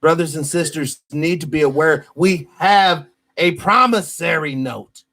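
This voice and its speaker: A man's voice: fairly high pitch, a little slow, bright, forceful tone. A young man hosting a talk show, earnest and affirming, speaking like a sermon. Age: young adult. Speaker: host.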